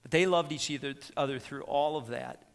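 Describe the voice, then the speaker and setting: A man's voice: on the high side, brisk, smooth, long reverb tail. A man preaching a sermon as pastor, in an emphatic, conversational way with asides to the congregation. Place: church sanctuary.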